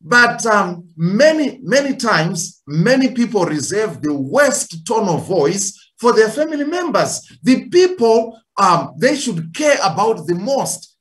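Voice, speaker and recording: Male preacher, very expressive pitch, animated, acts out everyday phrases, repeats key points. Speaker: guest speaker at a church family week. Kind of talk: sermon.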